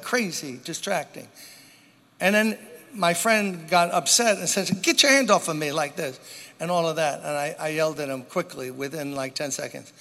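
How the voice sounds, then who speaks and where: A man preaching a sermon to a church congregation, with dramatic pauses and emphatic repetition. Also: high voice, a bit bright. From New York. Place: church sanctuary. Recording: long hall reverb.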